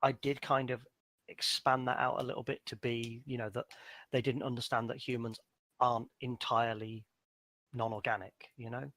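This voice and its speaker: A man's voice: mid-range voice, moderate pace, no room sound. Dry-sounding man chatting as game master. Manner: animated, rambling with many fillers. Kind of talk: casual podcast chat.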